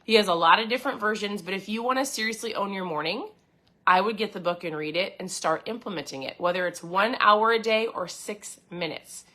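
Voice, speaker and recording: Bright, upbeat woman podcast host. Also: medium pitch, fairly quick. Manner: chatty and upbeat, reading aloud from a book and commenting; addresses listeners directly with frequent check-ins. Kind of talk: casual motivational talk.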